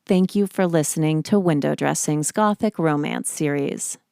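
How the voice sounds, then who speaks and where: Low-voiced woman narrating a podcast. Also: gravelly, dark tone, clear, resonant tone, no room sound, clean studio sound. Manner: measured, deliberate reading. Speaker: podcast host. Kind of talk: scripted narration.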